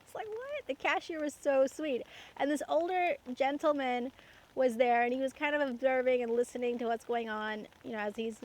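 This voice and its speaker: A woman's voice: sits high, normal speed. A young woman from Canada telling personal stories in a casual, chatty way, laughing often and using lots of fillers. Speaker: podcast host. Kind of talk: casual storytelling monologue.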